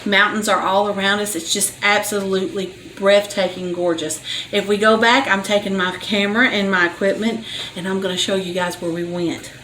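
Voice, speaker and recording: A woman's voice: mid-range voice, fairly even intonation, moderate pace, fairly bright tone, reverberant, a little hiss or hum, poor audio. An older woman, hosting a home cooking vlog and chatting in a homey way as she cooks. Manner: chatty, homey storyteller, laughs often. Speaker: home cooking show host. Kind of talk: casual cooking vlog chat. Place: home kitchen.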